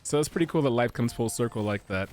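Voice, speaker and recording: Jokey animated male game streamer. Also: medium pitch, fast talker, a little hiss or hum. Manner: jokey, rambling, goofy asides and put-on voices. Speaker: streamer playing a video game. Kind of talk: casual gameplay commentary.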